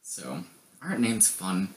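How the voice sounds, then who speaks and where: A man's voice: low-pitched, sing-song, slow pace, slight background noise. A young man co-hosting a podcast, reading history facts in casual chat with joking, rambling asides. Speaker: podcast co-host.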